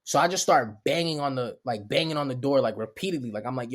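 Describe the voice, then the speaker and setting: A young man casually telling a long, animated story on a podcast, often laughing and acting out what people said in a raised voice. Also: medium pitch, fast, hardly any pauses.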